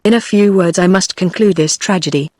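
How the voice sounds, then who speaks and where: A woman's voice: fairly low pitch, brisk, no echo. British-accented synthetic woman narrator. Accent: British English. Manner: even synthetic text-to-speech reading. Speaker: audiobook narrator. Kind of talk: scripted narration. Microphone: synthetic, no room.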